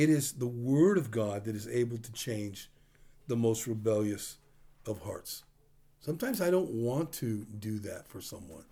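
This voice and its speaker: A man's voice: mid-range voice, a little mellow, slightly rough. A man preaching a sermon in a conversational, storytelling way, acting out the dialogue of the people in his stories. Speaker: pastor.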